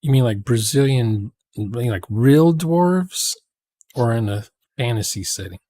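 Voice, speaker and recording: A man's voice: mid-range voice, unhurried, mellow, no room sound, clean studio sound. A man chatting casually about role-playing games, rambling and trailing off with fillers.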